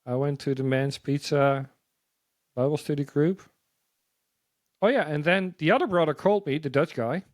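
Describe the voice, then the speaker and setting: A man sharing a personal testimony as a guest, halting and repeating words as he tells his story. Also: fairly high pitch, no echo.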